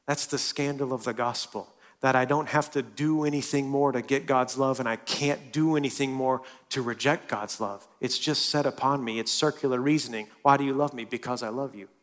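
A man preaching a sermon in a church, swinging from loud and lively to hushed and soft. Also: medium pitch, normal speed, few pauses. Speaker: pastor.

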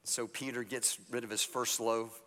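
A man's voice: medium pitch, level tone, moderate pace, pushed and bright. A man preaching a sermon as pastor, telling Bible stories in a casual way and acting out the characters' lines. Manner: storytelling, acts out biblical characters in a casual voice. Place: church sanctuary. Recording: church hall reverb.

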